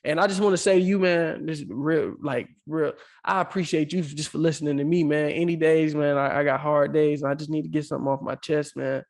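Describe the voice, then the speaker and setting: A man's voice: a little high, fairly even intonation, fairly quick, vocal fry, hardly any pauses. A man co-hosting a podcast, talking earnestly and emotionally in casual slang, calling the listener "bro" again and again. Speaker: podcast co-host. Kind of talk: heartfelt casual podcast talk.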